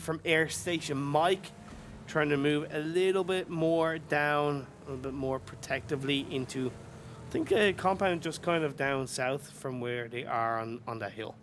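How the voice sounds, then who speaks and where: A man's voice: a little high, a bit bright, slight background noise. Chatty analytical esports caster man. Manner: analytical, chatty, filler-heavy. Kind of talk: colour commentary.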